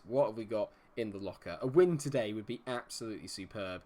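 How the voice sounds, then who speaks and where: A man's voice: mid-range voice, normal speed, hardly any pauses, darkish tone. A young man from Dorset with a Dorset English accent, commentating a live football game stream in a chatty, self-deprecating way, humming and muttering to himself between plays. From England, Dorset. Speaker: gaming streamer.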